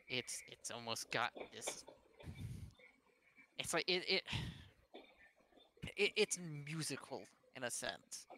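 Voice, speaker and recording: Guy running a tabletop game, talks slow, lots of um and like, restarts a lot. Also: mid-range voice, pushed and bright, a little hiss or hum. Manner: halting, full of fillers and restarts. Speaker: game master.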